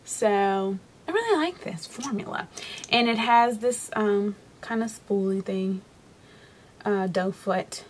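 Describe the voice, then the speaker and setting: A woman's voice: medium pitch, takes it slowly, slight background noise. Young woman beauty vlogger, casual and chatty, loose delivery full of ums and restarts, mid-range voice. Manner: chatty, rambling, many fillers and restarts. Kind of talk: casual product review.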